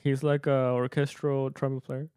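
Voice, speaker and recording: Smooth-voiced man telling a story. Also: medium pitch, little pitch movement, normal speed, a little mellow, no room sound, studio quality. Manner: storytelling, switching between English and Spanish, laughing often. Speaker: podcast co-host, mariachi musician. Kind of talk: casual chat.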